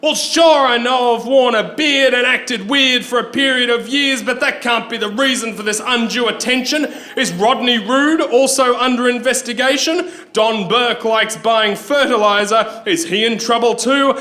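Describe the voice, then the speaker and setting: Bright-voiced Australian man ranting poetry. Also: very high-pitched. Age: young adult. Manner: fast satirical rant in rhyme. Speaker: performance poet. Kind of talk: live rhyming poetry performance. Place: pub stage.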